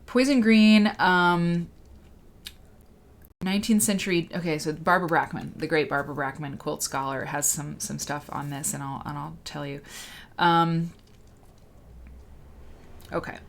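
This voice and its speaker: Low-voiced woman hosting a casual livestream. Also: fairly even intonation, a little slow, vocal fry, pauses often, fairly bright tone. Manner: rambling, chatty, self-interrupting; greets viewers by name mid-sentence. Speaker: livestream host.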